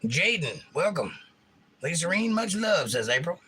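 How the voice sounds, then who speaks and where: A man hosting a relaxed livestream, reading out viewer comments in a laid-back, murmured way with quick bursts. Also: a little high, breathy edge. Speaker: livestream host and singer-songwriter. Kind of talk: casual chat reading viewer comments aloud. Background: acoustic guitar playing.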